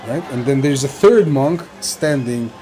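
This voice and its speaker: A man's voice: medium pitch, expressive, unhurried, background noise. A man narrating a tabletop game as game master, describing scenes with frequent fillers.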